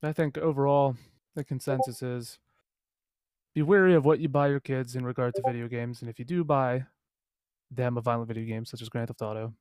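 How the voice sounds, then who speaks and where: A man's voice: medium pitch, fairly even intonation, moderate pace, darkish tone, no echo, studio quality. Rambling young male podcast host. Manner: rambling, filler-heavy, laughs often. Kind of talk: casual chat.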